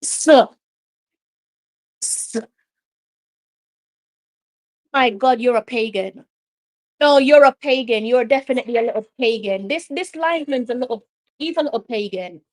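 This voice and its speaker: Brief Jamaican woman, fairly high voice, live match commentary for a fan stream, heated and repetitive. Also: moderate pace, pauses often. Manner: excitable, argues with the referee, repeats herself. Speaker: watch-along host.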